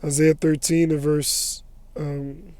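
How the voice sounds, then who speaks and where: A male preacher teaching a scripture lesson in a steady tone, often tagging his points with "all right?". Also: on the high side, slow pace, no room sound. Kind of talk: sermon lesson.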